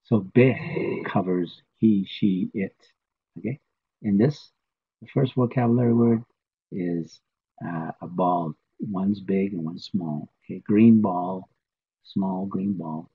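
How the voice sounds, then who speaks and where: A man whose first language is Navajo, teaching a casual, patient spoken lesson and repeating words slowly for learners. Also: sits low, husky. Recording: tinny phone-like audio.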